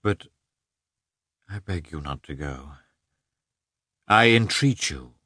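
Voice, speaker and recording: A man's voice: sits low, huge pitch swings, moderate pace, pushed and bright, no echo, studio quality, exaggerated voice. A man voicing an anxious young nobleman who earnestly entreats his lover. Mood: pleading.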